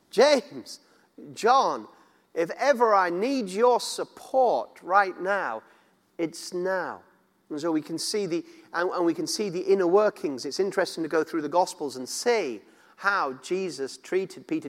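A man preaches in a relaxed, conversational sermon. His voice sits a little high, and he often restarts and repeats words. The sound rings with a long reverb, as in a large hall. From northern England. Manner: conversational, many restarts and repetitions, playful asides.

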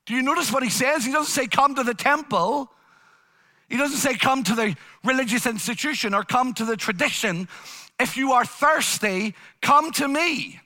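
Bright-voiced impassioned male preacher. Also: very high-pitched. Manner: impassioned, repetitive preaching cadence. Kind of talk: sermon.

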